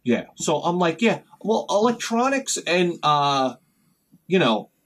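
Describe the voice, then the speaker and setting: A man's voice: a little high, takes it slowly. A man hosting a casual vlog, rambling through a story and acting out both sides of conversations in sudden bursts. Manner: animated storyteller who acts out conversations in sharp bursts. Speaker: retro game channel host.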